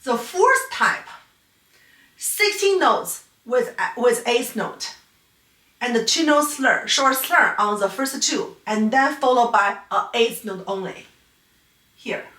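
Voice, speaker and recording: A woman's voice: on the high side, lively intonation, slow, pushed and bright, far from the mic. A female piano teacher whose first language is Chinese, giving a patient, explanatory online lecture on playing technique. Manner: patient, explanatory, non-native phrasing. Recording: echoey room, voice a bit off-mic.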